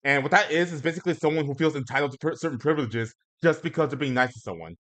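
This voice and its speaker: A man hosting a live-stream talk show, speaking hesitantly with many pauses and restarts. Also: a little high, fairly bright tone. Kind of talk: casual chat on a live stream.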